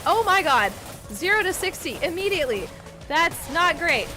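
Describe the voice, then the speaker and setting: A woman's voice: extremely high pitch, moderate pace. A woman streaming a game, chatting with viewers and yelping and swearing when things go wrong. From Canada. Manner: excitable, yelps and swears at the game. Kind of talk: live gameplay commentary. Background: game music.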